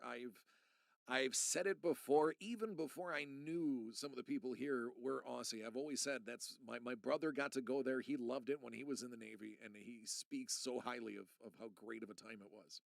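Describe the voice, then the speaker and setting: Gravelly middle-aged streamer. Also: male voice, medium pitch, fairly quick, a bit bright, no room sound. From United States. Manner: rambling and earnest, talking straight to chat. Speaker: live streamer. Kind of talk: casual live-stream chat.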